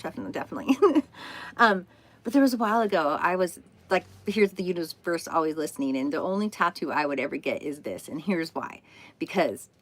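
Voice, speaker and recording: A woman in her fifties chatting on a spiritual livestream, telling stories in an animated, laughing way and swearing now and then. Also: lowish voice, brisk. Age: 50s. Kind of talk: casual livestream chat. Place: indoors at home, in an RV.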